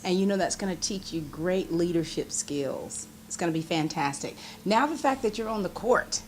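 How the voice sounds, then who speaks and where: A woman's voice: fairly low pitch, expressive, moderate pace, slight background noise. A chatty woman hosting a local TV interview, laughing often. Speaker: host.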